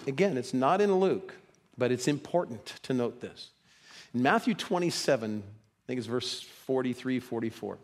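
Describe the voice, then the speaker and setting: A man preaching a sermon as pastor, acting out quoted voices with big pitch swings. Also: in a large hall.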